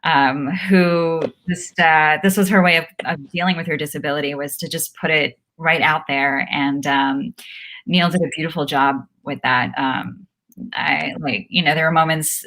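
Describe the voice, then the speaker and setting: A woman's voice: deep voice, fairly even intonation, moderate pace, sharp tone. A woman editor being interviewed over a video call from her home, talking casually with lots of ums. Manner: chatty, many fillers. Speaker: guest, newspaper editor. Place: home room.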